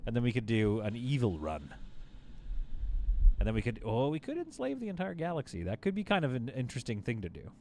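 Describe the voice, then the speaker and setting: A man's voice: mid-range voice, huge pitch swings, a little fast, darkish tone, slight background noise. A man casually chatting on a live game stream, reading out viewer messages and laughing often. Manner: chatty, reads chat aloud, laughs often. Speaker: livestream gamer host.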